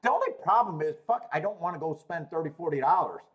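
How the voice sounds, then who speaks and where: Casual male stream host, 30s, fairly high, lively pitch, profane and rambling. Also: fast talker, breathy edge, highs cut off. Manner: swears freely, rambling, laughs often. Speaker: host of a live streaming show. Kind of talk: casual chat reading live chat.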